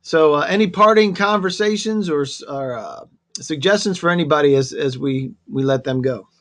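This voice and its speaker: A man with a fairly high voice hosts an online government webinar briefing at normal speed. He's friendly, walking through a list of web resources in a steady presenter tone.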